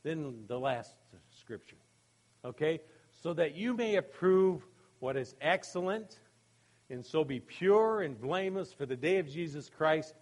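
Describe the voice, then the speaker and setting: A man preaching a sermon in a conversational way, often asking "okay?" and acting out funny anecdotes. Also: a little high. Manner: conversational, many "you know" and "okay?" asides; acts out quoted voices in humorous anecdotes, laughing. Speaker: pastor.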